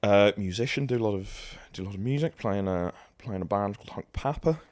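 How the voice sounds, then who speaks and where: A man's voice: lowish voice, fairly quick, a little mellow, dry recording. A young man with an English accent, co-hosting a casual podcast chat in a jokey, self-deprecating, rambling way. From England. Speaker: podcast co-host.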